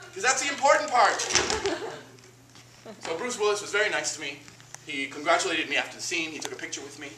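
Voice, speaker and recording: A man from Miami performing an animated, self-mocking comic monologue on a theater stage. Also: a little high, fast, long pauses, far from the mic. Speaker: solo performer. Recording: roomy stage taped from afar, noisy.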